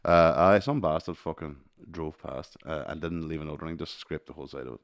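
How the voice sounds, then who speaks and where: A man's voice: extremely low pitch, fast talker, dry recording. A man co-hosting a podcast, adding short interjections and dry, sweary jokes. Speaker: podcast co-host. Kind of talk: casual chat.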